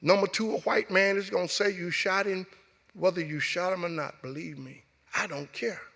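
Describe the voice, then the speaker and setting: A man's voice: sits high, fairly even intonation, normal speed, gravelly, sharp tone, exaggerated voice. A man voicing a menacing male police detective, blunt and contemptuous. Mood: cold. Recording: echoey hall.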